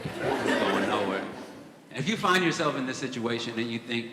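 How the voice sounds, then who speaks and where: A young man works through a stand-up set, telling his stories in a casual, foul-mouthed way with deadpan little asides. His voice sits at a middling pitch. It rings out through a big, reverberant hall, with a loud audience laughing behind him. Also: moderate pace, very noisy. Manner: casual, profane storytelling with dry asides. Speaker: stand-up comedian. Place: comedy club stage before a live audience.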